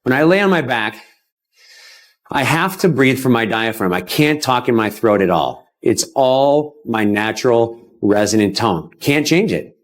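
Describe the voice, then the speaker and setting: A man of middle pitch gives a short instructional lesson on the speaking voice. He sounds sure of himself and walks through each point clearly. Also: expressive, measured pace. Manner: confident, explaining step by step. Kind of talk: instructional clip.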